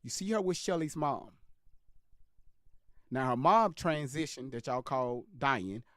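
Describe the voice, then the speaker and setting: A man's voice: medium pitch, expressive, unhurried, a bit bright, no room sound, clean studio sound. Emphatic man talking to his live viewers. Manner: emphatic, repeats himself, keeps addressing viewers directly. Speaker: live stream commentator. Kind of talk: live stream commentary.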